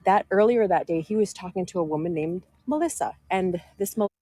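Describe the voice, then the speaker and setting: A woman's voice: on the low side, fairly quick, warm tone, dry recording. Aggrieved woman rambling through her story. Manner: aggrieved, rambling, quotes others in her own voice. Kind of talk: casual storytelling to a live audience.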